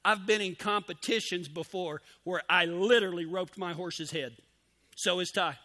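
A man's voice: high-pitched, normal speed, pushed and bright. A man preaching a sermon in a folksy, emphatic way, with cowboy slang and key phrases repeated for emphasis.

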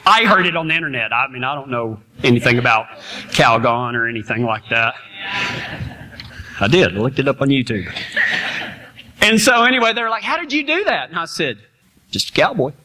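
A man's voice: medium pitch, expressive, moderate pace, pauses often, sharp tone. A middle-aged man, preaching in a folksy, laughing storytelling manner. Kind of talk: storytelling sermon.

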